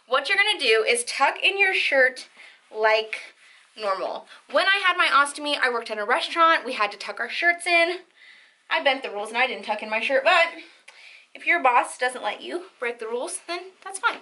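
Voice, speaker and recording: A woman's voice: sits high, animated, normal speed, pushed and bright. A young woman vlogging casually to camera from a bedroom at home, chatty and reassuring, with frequent "um" and "like". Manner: chatty and reassuring, says "um" and "like" often. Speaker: lifestyle vlogger.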